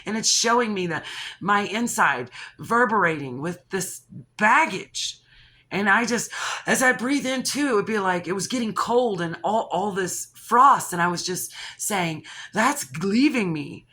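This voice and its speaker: Speaking directly to the camera in what sounds like a casual video diary, a woman channel host tells a personal story loosely and at a measured pace. Her mid-range voice is bright, sharp and lively, animated and rambling, with restarts, gasps for breath between thoughts, and laughs.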